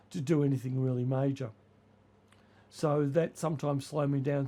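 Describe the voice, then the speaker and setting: An older man, hoarse from the flu, chatting casually and rambling through his model railway vlog. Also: medium pitch, mellow. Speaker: model railway channel host.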